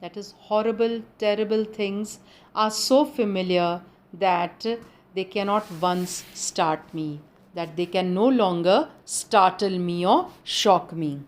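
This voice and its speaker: Slow-paced Indian woman lecturer. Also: medium pitch. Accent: Indian English. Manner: slow, explanatory, quotes lines and then paraphrases them. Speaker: college lecturer. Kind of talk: recorded literature lecture.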